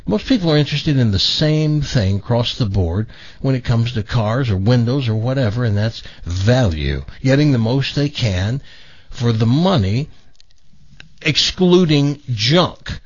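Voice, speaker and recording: A man's voice: medium pitch, a little slow, dry recording, highs cut off. A man hosting a talk radio show, joking with co-hosts and doing a folksy live read for a sponsor. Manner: folksy, joking, animated storyteller. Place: radio studio.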